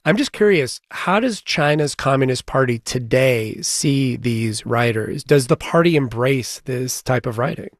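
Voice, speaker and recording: A man interviewing a guest for a news program, asking measured, curious questions. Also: mid-range voice, animated, no room sound, clean studio sound. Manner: measured, inquisitive. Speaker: radio interviewer.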